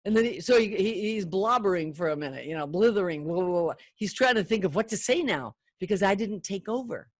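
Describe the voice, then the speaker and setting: Older female phone-sales trainer, chatty and animated, middle pitch, dry close recording. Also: a little fast, few pauses, no echo. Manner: chatty, animated, acts out callers' lines. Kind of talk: training talk to camera.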